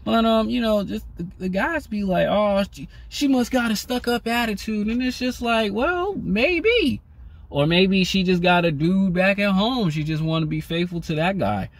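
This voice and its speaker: A man's voice: expressive, moderate pace, no room sound. A young man vlogging casually to the camera, rambling with many "you know" fillers in a laid-back conversational way. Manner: laid-back and conversational, pitch rises when acting out lines.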